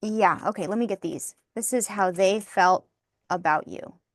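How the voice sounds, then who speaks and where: Woman, tarot reader, soft-spoken, emotional, mid pitch, dry sound. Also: unhurried, no room sound. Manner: soft-spoken, emotional, thinking aloud with fillers. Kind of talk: intuitive tarot reading.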